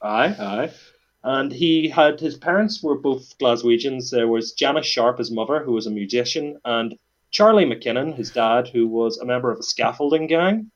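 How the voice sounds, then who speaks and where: A man's voice: mid-range voice, moderate pace. A man with a Northern Irish accent hosting a casual podcast chat, telling a story with dry jokes and plenty of fillers. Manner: dry, joking, many fillers. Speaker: podcast host. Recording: dull lo-fi sound.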